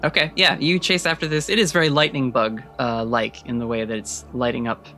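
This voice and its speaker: Creaky-voiced man running a tabletop game. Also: medium pitch, little pitch movement, pushed and bright, faint music behind. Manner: descriptive, measured scene-setting. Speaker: game master.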